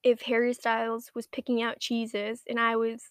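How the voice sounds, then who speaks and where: A woman's voice: fairly high pitch, completely flat delivery, moderate pace, a bit bright, smooth, no echo, studio quality. A young woman in a casual monologue to the camera, rambling and self-mocking, swearing constantly and dropping into whispers for asides.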